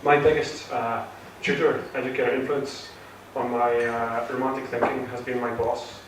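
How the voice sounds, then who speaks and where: A man's voice: mid-range voice, little pitch movement, moderate pace, noisy background. A man doing his first stand-up comedy set, nervous and rambling, full of fillers and restarts. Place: theatre stage with a live audience. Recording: echoey hall recorded from far off.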